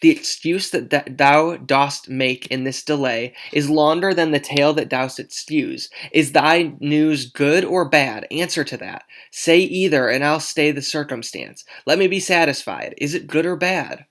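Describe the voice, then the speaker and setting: A man's voice: fairly high pitch, a little slow, few pauses. A man voicing Juliet, an impatient young girl, reading her lines aloud with urgent, pleading emphasis. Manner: pleading, urgent, louder than usual. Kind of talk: dramatic read-aloud of a play.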